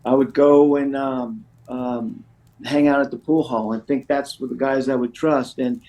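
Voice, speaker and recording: A man's voice: medium pitch, steady tone, measured pace, warm tone, poor audio. Earnest middle-aged man, passionate. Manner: earnest, passionate, many restarts and "you know"s. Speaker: guest speaker in addiction recovery. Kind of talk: casual interview talk.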